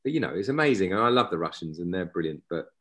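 A man's voice: sits low, lively intonation, very fast, a bit bright. A man, a guest actor telling rambling stories in casual chat and often breaking off mid-sentence. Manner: rambling, self-interrupting, anecdotal.

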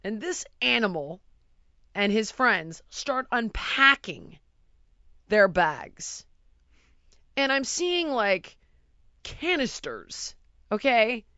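A middle-aged woman telling a story in casual chat, animated and exasperated, acting out sounds and voices. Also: fairly high pitch, very slow, pauses often, dry recording, highs cut off.

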